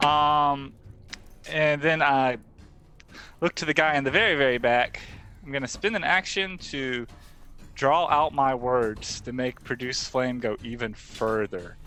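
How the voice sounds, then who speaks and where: A man's voice: mid-range voice, bright, forceful tone. A man playing a tabletop game, calling his moves with playful, boastful banter. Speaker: player. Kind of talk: casual tabletop game play.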